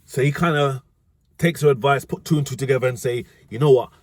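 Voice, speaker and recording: This UK man, a dating advice vlogger, delivers a casual storytelling monologue in a brisk, mid-range voice. He rambles, uses slang, and frequently corrects himself, and the close, dry recording has no echo.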